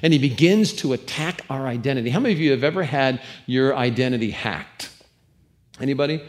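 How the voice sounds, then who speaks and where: A man preaching a sermon in church, telling lively stories with humor and asides to the congregation. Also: medium pitch, brisk. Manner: animated storytelling with humor and asides. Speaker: pastor.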